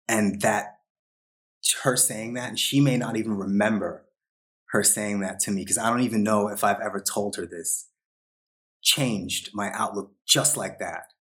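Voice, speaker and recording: A man with a very low, deep voice tells a personal story as a podcast guest. He talks casually and slips into short quoted lines from the people in his story. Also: fairly even intonation, moderate pace, a bit bright. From New York. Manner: quotes others in short acted asides.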